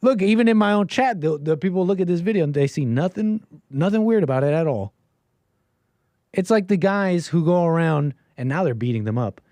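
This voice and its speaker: Man on a solo stream, ranting, lots of restarts and loud spikes; voice sits a bit high and sounds dry and close. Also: no room sound. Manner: animated, rapid restarts, sudden loud bursts. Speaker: livestream host. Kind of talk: ranting commentary.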